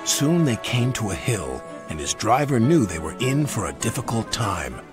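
Expressive storybook narrator, man, wide melodic range, music underneath. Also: on the low side, normal speed.

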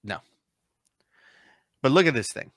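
A man's voice: mid-range voice, sing-song, unhurried, a bit bright, no echo. A man hosting a casual reaction video, dry and exasperated with his co-host.

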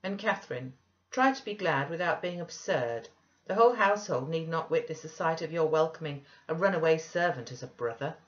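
A woman doing a cross, fastidious gentleman. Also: low voice, animated. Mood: peevish. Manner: crisp and peevish. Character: fastidious, cross young gentleman, prim husband. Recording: dull lo-fi recording.

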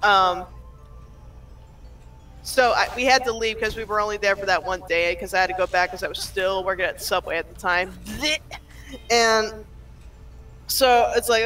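Bright-voiced woman telling a story. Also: medium pitch, moderate pace, soft background music. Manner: chatty storyteller, laughs often. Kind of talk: casual chat.

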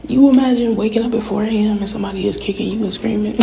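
A woman ranting candidly about herself, profane and frank, often dropping into soft whispered asides. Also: medium pitch, fast, creaky, noisy background. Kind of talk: candid personal rant.

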